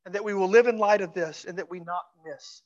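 A pastor preaching a sermon in a church, fervent and repeating phrases for emphasis, dropping to a hush for closing pleas. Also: medium pitch, brisk, highs cut off. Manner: drops to a hushed voice for closing pleas. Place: church sanctuary.

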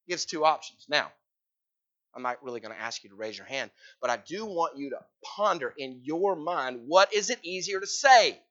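A man's voice: mid-range voice, expressive, moderate pace, pushed and bright, muffled recording. A man preaching a sermon in a conversational way, teasing the congregation with questions. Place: church hall.

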